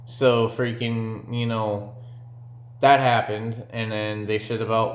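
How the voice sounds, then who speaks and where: A man's voice: on the low side, little pitch movement, slow. A young man telling a story from his own life in a casual, rambling way, with lots of fillers and swearing. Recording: echoey room.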